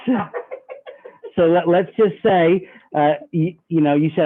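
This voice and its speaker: Folksy sales trainer, man, slightly high voice, phone-thin sound. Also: moderate pace. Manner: folksy, acts out customer dialogue. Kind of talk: sales training talk with role-played pitches. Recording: tinny phone-like audio.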